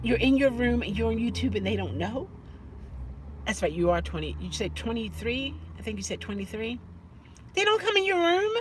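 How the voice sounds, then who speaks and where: Animated woman chatting from her car. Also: a little high, moderate pace, slight background noise. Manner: animated, exclaiming and laughing loudly. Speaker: vlogger chatting with live viewers. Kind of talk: casual live-stream chat.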